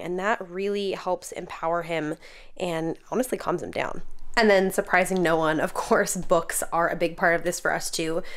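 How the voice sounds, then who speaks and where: Chatty mom vlogger, roomy echo. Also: female voice, lowish voice. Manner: chatty, frequent "like" fillers, acts out quotes. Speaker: parenting vlogger. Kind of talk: casual chat to camera.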